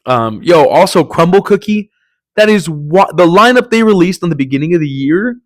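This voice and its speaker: A man's voice: sits high, animated, moderate pace, no echo. Rambling young man, dry close sound. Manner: rambling, jokey, many fillers and restarts. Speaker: podcast host. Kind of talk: casual solo podcast chat.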